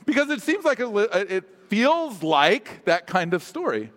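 A man's voice: sits high, sing-song, unhurried, fairly bright tone. A man preaching a sermon as pastor, casual and self-deprecating, with humorous asides. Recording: long hall reverb.

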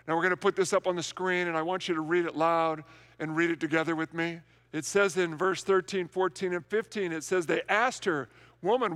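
A man's voice: a little high, fairly bright tone. A male pastor preaching an Easter sermon in a large, empty worship center, earnest and repeating words for emphasis.

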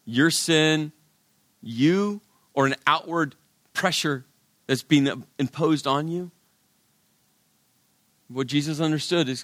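A middle-aged male pastor preaching a sermon, his delivery swinging from loud, emphatic lines to hushed, quiet ones. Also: a little high, dry recording, studio quality.

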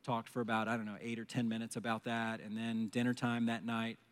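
A man in his forties preaching a sermon, telling a personal story in an animated way and acting out his own panicked phone call. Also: mid-range voice, a little fast, clear, resonant tone. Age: 40s. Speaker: pastor. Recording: long hall reverb.

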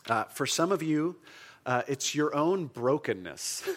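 A man's voice: a little high, lively intonation, a little slow, a bit bright. A man preaching a sermon to his congregation in an earnest, conversational way, leading the room in call-and-response. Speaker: pastor.

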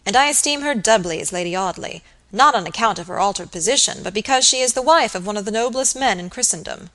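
A woman's voice: mid-range voice, lively intonation, fast, a bit bright, lightly acted. A woman doing a formal middle-aged doctor, courteous and reserved. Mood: stiff, indignant. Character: quiet, proper middle-aged male village surgeon.

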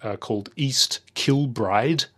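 A man's voice: mid-range voice, slow, fairly bright tone, breathy edge. A middle-aged man telling a travel story in casual chat, rambling with many fillers and restarts.

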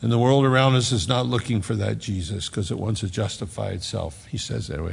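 A man preaching a sermon as a pastor, emphatic, moving between loud passages and hushed ones. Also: lowish voice, fairly even intonation, a little fast, creaky, few pauses, husky. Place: church sanctuary. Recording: long reverb of a large hall.

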